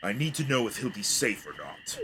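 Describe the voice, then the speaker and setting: A man's voice: on the low side, a little fast, voice pushed down. A man voicing an earnest male detective in a video game, talking in a determined, pleading way. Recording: steady background noise.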